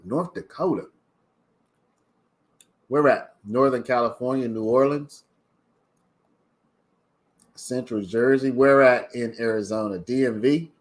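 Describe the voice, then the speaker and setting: A man's voice: medium pitch, slow, long pauses. A man from Maryland hosting a casual livestream, chatting and reading out viewer comments. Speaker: livestream host.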